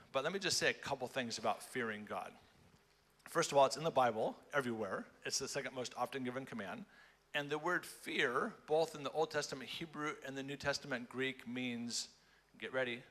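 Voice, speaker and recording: A man giving a lively, playful conference sermon on stage, repeating phrases for emphasis. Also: medium pitch. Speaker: conference speaker.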